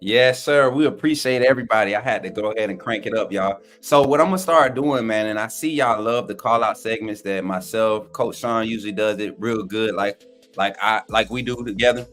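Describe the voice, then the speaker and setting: A man's voice: on the low side, brisk, a bit bright, faint music behind. A man co-hosting a livestream, hyped and slangy, calling out chat names. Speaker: co-host. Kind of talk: casual livestream shout-outs.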